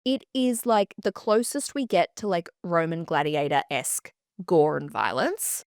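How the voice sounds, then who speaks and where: A woman hosting a podcast, chatting in an animated way and swearing freely. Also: fairly low pitch, unhurried, no echo, clean studio sound. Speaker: podcast host. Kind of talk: casual chat.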